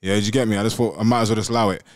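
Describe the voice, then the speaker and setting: A man's voice: fairly low pitch, steady tone, racing, dry recording. A young man hosting a live studio chat show, casual and slangy, saying "bruv" after every phrase. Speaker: host. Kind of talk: casual live call-in banter.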